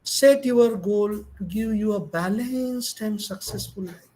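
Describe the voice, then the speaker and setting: Over a rough recording, a high-pitched, mellow male voice lectures college students at a measured pace. The middle-aged speaker has an Indian English accent and delivers his motivational talk emphatically, varying his tone to demonstrate stress.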